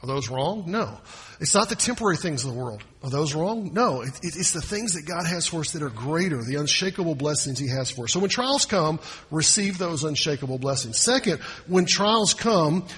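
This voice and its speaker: Male pastor, husky and a touch high, emphatic sermon delivery, reverberant church hall. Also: expressive, brisk, a bit bright. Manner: emphatic, repeats key phrases.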